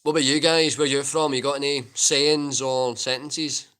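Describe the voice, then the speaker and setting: A man's voice: mid-range voice, level tone, normal speed, fairly bright tone, smooth. A Scottish man chatting casually on a livestream, reading viewer comments aloud and answering them. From Scotland.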